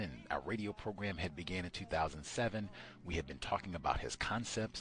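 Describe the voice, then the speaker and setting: Male radio host, deep-set voice with animated pitch swings; presses his points with rhetorical questions. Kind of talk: study session talk.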